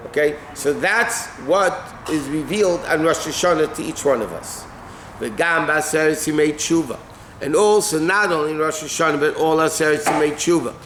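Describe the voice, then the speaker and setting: A man's voice: a little high, moderate pace. A male rabbi teaching a text-based class, explaining phrase by phrase and translating as he goes, with asides like "right?" and "okay?". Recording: echoey room with faint ambient noise.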